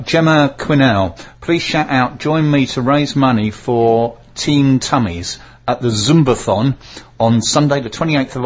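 A man's voice: mid-range voice, dull audio. A man hosting a casual local radio talk show, reading out notices with frequent fillers. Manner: chatty, reads notices aloud with fillers and stumbles.

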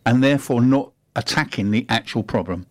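A middle-aged man on talk radio who argues his point hard and lectures his co-host. His voice sits at an ordinary pitch and sounds close and dry. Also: brisk, dry recording. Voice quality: emphatic, argumentative, lecturing. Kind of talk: opinionated radio chat.

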